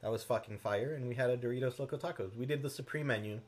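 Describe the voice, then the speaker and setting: A man's voice: mid-range voice, fast talker, darkish tone. A man in a casual podcast chat, laid-back and blunt, swearing freely as he talks.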